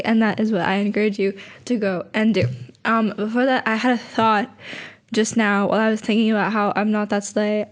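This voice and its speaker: A young woman vlogging casually, rambling softly and sometimes dropping to a whisper. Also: on the high side. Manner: soft, rambling, drifts into whispers. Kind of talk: casual late-night vlog chat.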